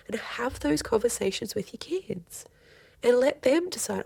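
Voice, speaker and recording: A woman's voice: fairly high pitch, expressive, moderate pace, gravelly, darkish tone, breathy edge, dry recording. A woman, a counselor speaking earnestly in a podcast interview and often voicing quoted speech. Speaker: family and child counselor, guest. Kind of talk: podcast interview, casual advice.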